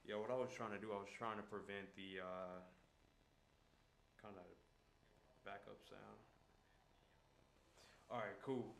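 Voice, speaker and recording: A man's voice: fairly low pitch, steady tone, a little slow, gravelly, pauses often. A man streaming live and talking casually to his chat in a laid-back, slangy way. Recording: echoey room with faint background noise.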